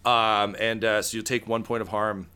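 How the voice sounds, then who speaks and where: Bright, crisp-voiced man running the game. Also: lowish voice, flat delivery, normal speed. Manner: laid-back, many fillers. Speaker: game master. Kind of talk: narrating a tabletop game. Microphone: video call.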